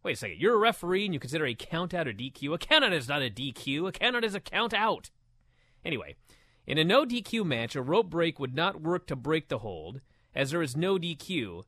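A man co-hosting a casual wrestling talk show, reading listener comments aloud in an animated, mock-outraged way. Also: on the high side, moderate pace, no echo, clean studio sound.

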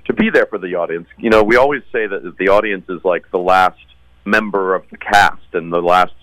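A man's voice: low voice, a little fast, fairly bright tone, no room sound, rough recording. A man who acts in musical theater, answering interview questions in an earnest, conversational way. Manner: earnest, repeats words when starting. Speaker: musical theater actor guest.

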